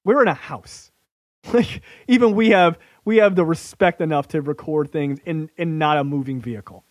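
A man's voice: a little high, moderate pace, no room sound. A man hosting a podcast, chatting in a brash, profane way and laughing often. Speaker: podcast host. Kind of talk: casual profane comedic chat.

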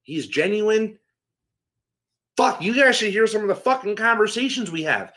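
A man's voice: sits high, expressive, moderate pace, sharp tone. A man co-hosting a casual podcast chat, emphatic and swearing in nearly every sentence.

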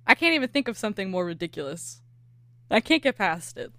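Californian woman host, animated, laughs a lot, dry close sound, casual chat. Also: mid-range voice, fairly quick, no echo. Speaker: podcast host.

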